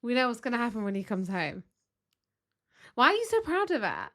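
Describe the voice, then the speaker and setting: A woman co-hosting a podcast from home, telling stories in a chatty, animated way. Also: a little high, brisk, dry recording, clean studio sound. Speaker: podcast co-host. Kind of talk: casual chat. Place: family home.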